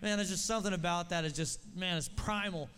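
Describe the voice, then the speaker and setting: Pastor guy from oklahoma, fired up, kinda high and smooth, big church reverb. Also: fairly quick, fairly bright tone. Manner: enthusiastic, says "man" a lot. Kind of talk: church service announcements. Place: church sanctuary in Texas. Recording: long reverb of a large church.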